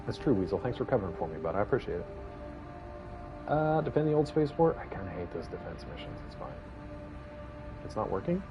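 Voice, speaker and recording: Forty-something guy rambling over his game stream, lowish voice, kinda muffled mic with game music under it. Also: big pitch swings, fast, pauses often. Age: 40s. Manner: rambling, joking, chatting with viewers. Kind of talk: casual live gameplay commentary.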